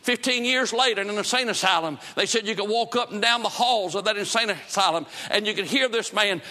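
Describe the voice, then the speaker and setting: Fervent preacher, high and bright. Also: male voice, fairly quick, hardly any pauses, long reverb tail. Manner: fervent, emphatic, with sudden loud cries and repeated phrases. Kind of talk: revival sermon. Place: church building before a congregation.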